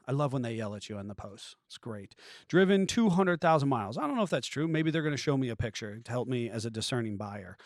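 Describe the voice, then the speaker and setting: A man hosting a show, giving casual commentary with sarcastic, wisecracking asides and animated jumps in pitch for jokes. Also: fast talker, dry recording, studio quality. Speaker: host reviewing used Jeep listings.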